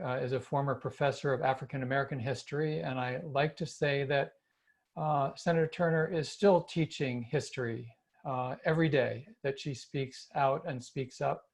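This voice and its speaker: A man's voice: mid-range voice, creaky. A man hosting a video call, introducing speakers in a plain, hesitant way with frequent fillers. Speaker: call host.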